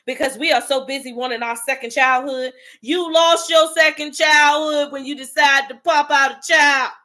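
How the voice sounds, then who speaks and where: A woman's voice: high voice, fairly even intonation, moderate pace, sharp tone. Fiery, preachy woman ranting. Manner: fiery, preachy, street-talking. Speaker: host. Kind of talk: impassioned motivational rant.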